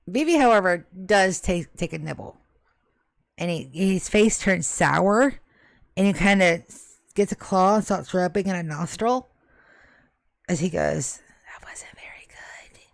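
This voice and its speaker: A woman's voice: lowish voice, animated, measured pace, vocal fry, long pauses, no room sound. A woman narrating as game master of a tabletop game, joking and swearing at her players.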